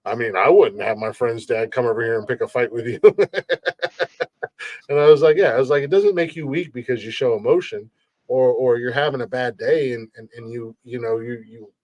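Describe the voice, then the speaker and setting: A man hosting a podcast talks in a loose, casual way, tripping over his words and often laughing. His voice sits in a middle pitch. The sound is dry and close. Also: fairly quick, darkish tone, no room sound, dull audio. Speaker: podcast host. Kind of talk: casual chat.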